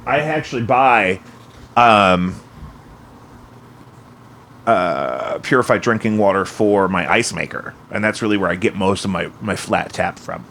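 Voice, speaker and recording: A man's voice: fairly low pitch, measured pace, pauses often, a bit bright, a little hiss or hum. A man hosting a casual livestream chat from his home basement, rambling and teasing. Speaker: podcast host.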